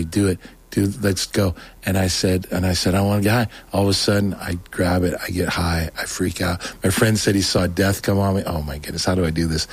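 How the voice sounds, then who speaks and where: A man's voice: sits low, breathy edge, dry recording. A man as a guest telling a long personal testimony story, rambling, restarting, and acting out quotes.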